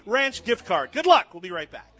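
A man's voice: high voice, very animated, normal speed, fairly bright tone. A man hosting a live radio food show from a ranch, gushing enthusiastically about the dishes. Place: live remote broadcast from a ranch saloon.

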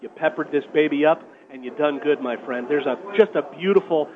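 Brief: jokey male radio host, high voice, tinny phone-line sound, live remote broadcast. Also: a little fast, a little hiss or hum. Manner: jokey, effusive, hypes prizes. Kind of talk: live radio food segment. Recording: phone-like narrow band.

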